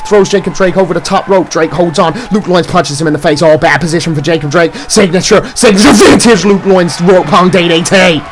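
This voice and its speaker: A man calling a wrestling match play by play, shouting out near-falls and big moves. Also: sits high, over music, poor audio. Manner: rapid move-by-move calls, shouting near-falls. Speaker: play-by-play commentator. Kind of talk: excited wrestling commentary.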